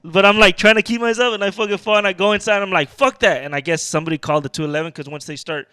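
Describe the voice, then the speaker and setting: A man's voice: sits high, rapid-fire, smooth, no room sound. A man co-hosting a casual podcast, telling a story with animation and acting out the dialogue. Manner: animated, acts out dialogue in his stories. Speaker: podcast co-host.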